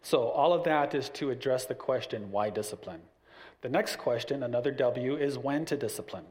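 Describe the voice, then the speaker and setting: A man's voice: medium pitch, moderate pace, a little mellow. A man giving a church parenting talk, explaining his points through stories with acted-out voices. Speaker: parenting class teacher.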